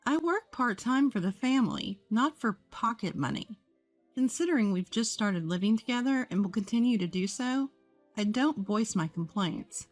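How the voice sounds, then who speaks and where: A woman narrates a first-person story in a calm, measured voice at a middle pitch. Her voice sounds dry and close to the mic. Soft music plays faintly underneath. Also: dry recording.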